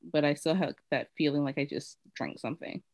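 A woman's voice: low voice, brisk, a little mellow, no room sound. A woman co-hosting a podcast, telling frank stories in a rambling, casual way with lots of fillers. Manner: candid, rambling storytelling with many fillers. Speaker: podcast co-host. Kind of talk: casual chat.

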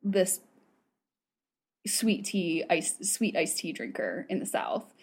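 A woman's voice: lowish voice, big pitch swings, slow pace, husky. An American woman chatting casually as a co-host, rambling along with plenty of fillers and restarts. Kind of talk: casual chat.

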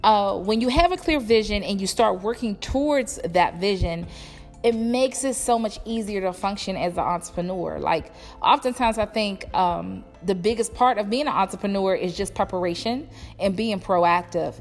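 A woman's voice: mid-range voice, normal speed. A young woman entrepreneur giving a blunt, motivational talk to her viewers, cussing freely. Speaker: entrepreneur and vlogger. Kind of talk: casual motivational talk to camera. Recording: long echo with music behind.

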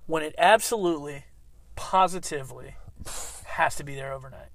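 A man's voice: a little high, moderate pace, dry recording. A man co-hosting a casual podcast, laughing often as he runs a slogan quiz. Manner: laughing, loose quizmaster. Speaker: podcast co-host. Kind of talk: casual chat.

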